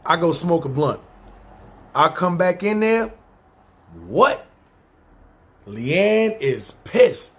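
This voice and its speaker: A man's voice: high-pitched, sing-song, very slow, pauses often, fairly bright tone, breathy edge. A man with a New York accent telling a personal story on a podcast in a laid-back, profane way, acting out what others said and repeating his catchphrases. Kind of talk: casual spoken storytelling.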